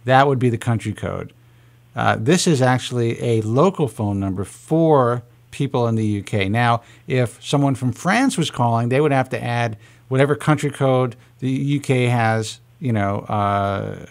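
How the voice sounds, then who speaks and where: A man's voice: mid-range voice, normal speed, gravelly. A man hosting a radio call-in show, rambling and joking with callers in casual chat.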